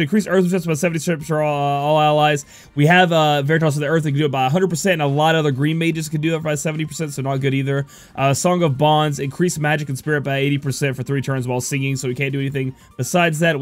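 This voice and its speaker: A man's voice: on the high side, no echo. A young man with a sniffly cold, casually reviewing a mobile game, rambling with lots of fillers as he reads out ability text. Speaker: gaming YouTuber.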